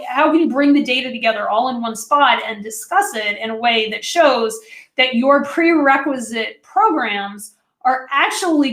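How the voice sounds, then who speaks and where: A woman's voice: on the high side, fairly bright tone, reverberant. A woman, a food safety consultant, giving a conversational training webinar and speaking directly to her listeners. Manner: chatty and direct, talks to listeners as friends.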